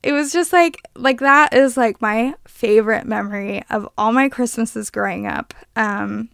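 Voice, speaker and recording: Chatty woman, gravelly, bit high. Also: a little slow, fairly bright tone, dry recording, studio quality. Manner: chatty storyteller, many "like" fillers. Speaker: podcast co-host. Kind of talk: casual chat.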